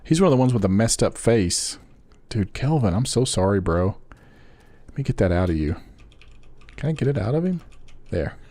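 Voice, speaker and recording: A man's voice: on the low side, very animated, normal speed, long pauses, dark tone, no room sound. A young adult man talking casually with viewers while streaming a game, rambling and chatty. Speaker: gaming streamer. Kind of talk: casual live-stream chat.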